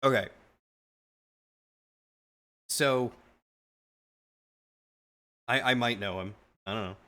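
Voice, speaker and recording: A man streamer telling a long story casually to his live chat, animated and rambling with frequent restarts. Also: medium pitch, extremely slow.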